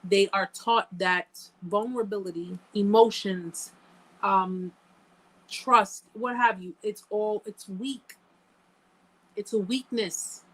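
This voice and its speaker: A woman hosts a live-stream chat and talks to her viewers in an earnest, emphatic way. Her voice sits at an average pitch for a woman. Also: fairly even intonation, slow, poor audio. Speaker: host answering live chat.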